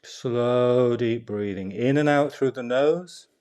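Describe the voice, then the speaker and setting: A middle-aged man leads a live qigong and movement class, calmly cueing each breath and posture. His voice sits at an ordinary middle pitch, and he slips easily between slow instructions and relaxed chatty asides.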